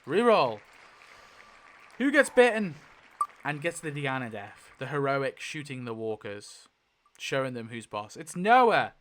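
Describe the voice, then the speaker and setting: A man's voice: medium pitch, animated, unhurried, hardly any pauses, fairly bright tone. A man hosting a casual video, thinking aloud as he goes, swearing freely and laughing often. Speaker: YouTube host. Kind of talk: casual commentary while spinning a wheel.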